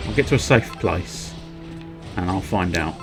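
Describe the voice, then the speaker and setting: A man chatting to himself while streaming a video game, in rambling, quiet, self-amused asides. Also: low voice, lively intonation, normal speed, over music. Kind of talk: casual game commentary.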